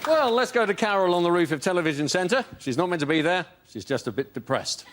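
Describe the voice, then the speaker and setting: A man's voice: high voice, animated, fast talker, over a noisy crowd. Dry man doing mock announcements. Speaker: comedian panelist. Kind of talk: quick-fire stand-up gags. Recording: heavy background noise.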